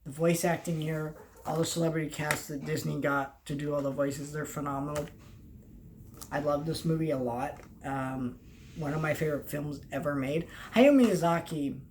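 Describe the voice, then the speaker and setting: Earnest, rambling young movie vlogger. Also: mid-range voice. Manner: rambling and halting, often trailing off and restarting; earnest and heartfelt. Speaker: film vlogger. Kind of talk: casual movie talk to camera. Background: faint background noise.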